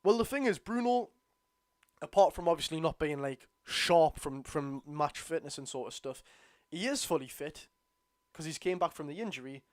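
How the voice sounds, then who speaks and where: Geordie man, watchalong host; tired, excitable shouts at the ref, dry close sound. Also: moderate pace, no room sound. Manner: excitable outbursts at the referee, then low grumbling asides. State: tired, yawning. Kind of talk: live football watchalong commentary, reading chat.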